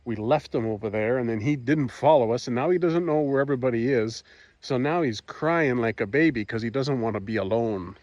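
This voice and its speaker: A man's voice: brisk, a little mellow, dry recording, highs cut off. A man narrating a casual farm vlog outdoors, talking fondly to his animals. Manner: talks fondly to his cats in a high coaxing voice. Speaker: farm vlogger.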